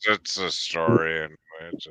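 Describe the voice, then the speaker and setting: A man's voice: a bass voice, fairly even intonation, a little slow, bright, forceful tone, smooth. A man telling a long rambling story in casual chat on a live stream, full of fillers and restarts.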